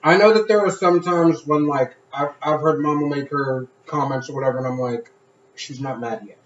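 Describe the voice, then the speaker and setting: A man's voice: a little high, fairly quick, slight background noise. A man in casual chat, telling stories with acted-out quotes and frequent swearing. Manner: animated storyteller acting out quotes, swears freely. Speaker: podcast co-host. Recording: echoey room, dull sound.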